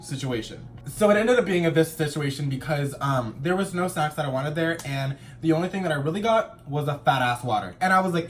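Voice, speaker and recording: A young man telling a storytime vlog in a sassy, campy, dramatic way, shouting for emphasis. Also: a little high, fairly quick. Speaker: vlogger.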